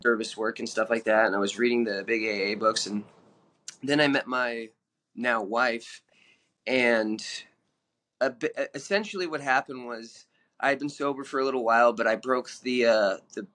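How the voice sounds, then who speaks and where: A man guest telling his own story in an earnest, halting way, with many fillers and restarts. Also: mid-range voice, fairly bright tone. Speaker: podcast guest.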